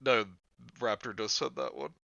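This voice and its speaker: A man in casual chat with friends, reading aloud in a laid-back, deadpan way. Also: mid-range voice, normal speed, creaky, dry recording, muffled recording. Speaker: co-host reading a story aloud. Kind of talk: casual joking chat over a voice call.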